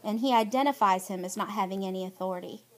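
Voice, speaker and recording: A woman's voice: mid-range voice, fast talker. A middle-aged woman, giving an emphatic, aggrieved spoken statement to her viewers. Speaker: vlogger.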